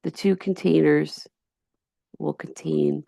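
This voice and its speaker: A woman with a Yonkers accent teaching high school chemistry in a recorded slideshow lecture, chatty and digressive, often restarting her sentences. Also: steady tone, slow pace, gravelly, dark tone, no echo, clean studio sound. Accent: Yonkers, New York. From Yonkers, New York.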